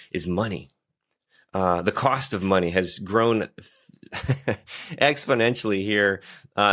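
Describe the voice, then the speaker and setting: A man's voice: on the low side, a bit bright. A man from Michigan hosting a podcast interview, with an upbeat, hyped delivery full of "uh" fillers. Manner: upbeat, hypey, many "uh" fillers. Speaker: podcast host.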